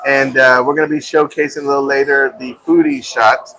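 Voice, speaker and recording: A man's voice: medium pitch, fairly quick, low-quality recording. A man hosting a live stream from a restaurant, telling a story and acting out the voices of the people in it. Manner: animated storyteller, acts out quotes, laughs often. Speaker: show host.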